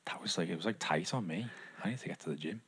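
A man's voice: sits low, quick pace, a bit bright, breathy edge. A young man co-hosting a podcast, chatting casually in a rambling, self-mocking way with lots of fillers. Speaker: podcast co-host. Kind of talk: casual chat.

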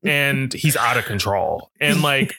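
Bright-voiced man co-hosting a film podcast. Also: medium pitch, unhurried, vocal fry, no echo. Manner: animated, storytelling, puts on voices. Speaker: podcast co-host. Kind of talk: casual movie podcast chat.

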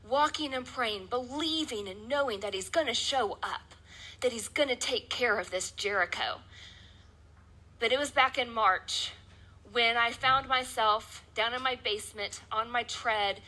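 A woman's voice: high-pitched, sharp tone, rough recording. A woman preaching a sermon in a church, driving her points home with emphatic, repeated phrases.

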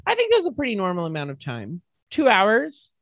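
Young male drag queen podcast co-host; playful, sweary, animated delivery. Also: high-pitched, fairly quick, gravelly, no room sound. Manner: giggly, playful, swears freely. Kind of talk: casual banter.

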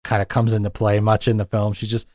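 A man's voice: fairly low pitch, completely flat delivery, quick pace, darkish tone, no echo, clean studio sound. A man co-hosting a casual film discussion, rambling and retelling scenes with lots of fillers. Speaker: podcast co-host. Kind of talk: casual chat.

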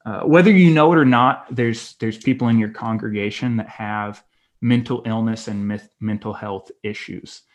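A male pastor giving a conference talk, candid and personal, with frequent fillers and restarts. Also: lowish voice. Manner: halting, many fillers and restarts.

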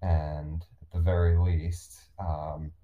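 A man's voice: very deep voice, level tone, takes it slowly, phone-quality sound. A man co-hosting a casual sports podcast, dry and wry, hesitant with fillers. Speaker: podcast co-host.

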